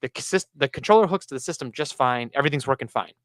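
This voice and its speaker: A man hosting a casual podcast, telling a story about his game store with lively acted-out quotes. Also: mid-range voice, rapid-fire, no room sound, clean studio sound. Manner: animated storyteller, acts out customers.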